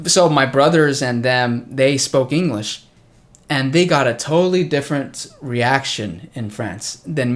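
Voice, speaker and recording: A young American man hosting a casual chat with a friend, telling stories chattily and acting out the people he quotes. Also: medium pitch. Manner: chatty storyteller who acts out quoted people. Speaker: host of a language-learning channel.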